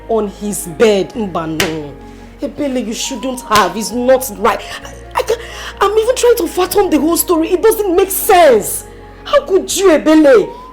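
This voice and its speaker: A woman's voice: mid-range voice, lightly acted. An actress playing an indignant Nigerian woman scolding her friend, mixing Igbo words into her English. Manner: scolding, exclaiming, switches into Igbo.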